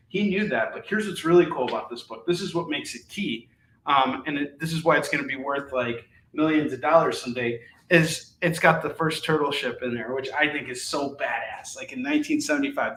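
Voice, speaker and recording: A man hosting a live comic book sales show, chatting casually and enthusiastically, rambling with fillers as he pitches each book. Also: a bit bright. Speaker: live shopping show host selling comics. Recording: echoey room, mic at a distance, faint noise.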